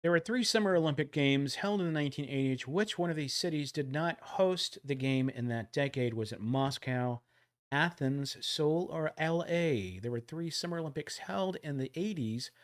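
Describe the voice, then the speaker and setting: A man hosting a casual livestream trivia giveaway, joking around and calling out loud countdowns. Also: a little high, moderate pace. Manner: jokey, animated, loud countdowns.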